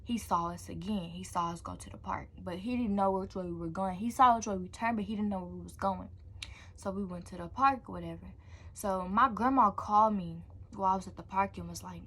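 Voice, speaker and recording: A young woman vlogger telling a storytime in an animated, slangy way, tossing in "blah, blah" asides. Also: on the low side, a little fast, breathy edge. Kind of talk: storytime vlog.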